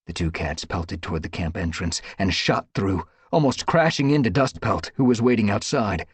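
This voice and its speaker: A man reading a dramatic audiobook story with expressive, dramatic storytelling. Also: fairly low pitch, normal speed, few pauses, husky, dry recording. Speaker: audiobook narrator. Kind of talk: audiobook narration.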